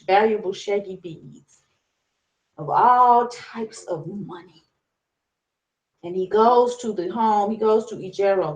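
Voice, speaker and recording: A woman telling a folktale as a lesson, lively and asking her listeners questions as she goes. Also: mid-range voice, poor audio. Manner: lively, asks the audience questions. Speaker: storyteller, teacher. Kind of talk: interactive storytelling lesson.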